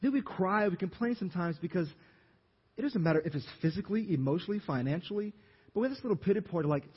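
A pastor from Louisiana with a Louisiana accent, preaching an animated sermon and asking the congregation questions. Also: male voice, high voice, fast talker, slightly rough. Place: church sanctuary. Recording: dull audio, long hall reverb.

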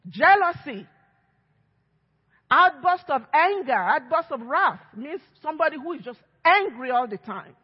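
A woman's voice: high-pitched, very animated, measured pace. A woman pastor preaching a sermon, emphatic and acting out quoted voices. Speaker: lead pastor. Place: church sanctuary. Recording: echoey church hall, dull lo-fi sound.

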